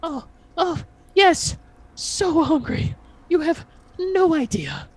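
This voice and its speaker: Super squeaky little kobold, breathless and eager, way up high. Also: male voice, takes it slowly, heavily acted. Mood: pleading. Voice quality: very high-pitched. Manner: breathless, excited calling out. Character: tiny eager white kobold, squeaky and pleading.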